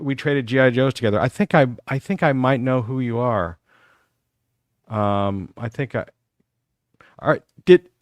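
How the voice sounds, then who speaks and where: A man's voice: medium pitch, dry recording, clean studio sound. A man in his fifties from Texas, hosting a live talk show and animatedly telling school stories to a caller. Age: 50s. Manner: animated, reminiscing storyteller.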